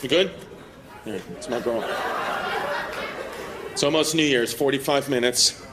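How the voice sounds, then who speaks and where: A young stand-up comedian does brash, crude, teasing crowd work in a packed airport terminal venue. His medium-pitched voice is a little slow. The live recording is noisy, with crowd laughter and terminal ambience behind him.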